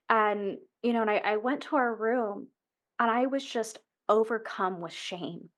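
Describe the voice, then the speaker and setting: Woman in her thirties with a bright, higher voice, earnest and open as she shares a personal story as an interview guest. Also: normal speed. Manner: earnest, emotional, self-correcting restarts.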